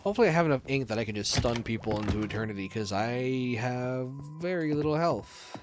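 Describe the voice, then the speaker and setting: A man's voice: medium pitch, expressive, fairly quick. A man streaming a story game, reading it aloud with chatty, amused asides. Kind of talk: casual game playthrough, reading dialogue aloud.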